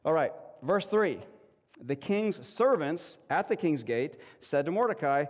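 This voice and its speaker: A man delivers a conversational sermon, slipping into quick voices to act out the people in the story. His voice sits a bit high for a man. The sound rings with the long reverb of a church hall. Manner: casual and animated, acting out quick voices. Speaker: pastor. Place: church sanctuary.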